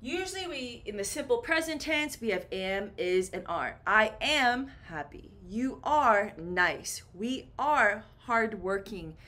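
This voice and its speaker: A woman's voice: on the high side, animated, takes it slowly, few pauses, sharp tone. A woman teaching a beginner English lesson, playful and acting out little example dialogues.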